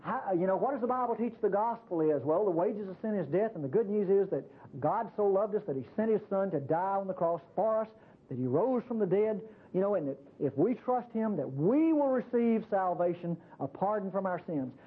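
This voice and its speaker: A man preaching a sermon in a conversational, animated way, often saying "see" to the listeners. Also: high voice, fairly quick, husky. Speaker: pastor. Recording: tinny phone-like radio broadcast.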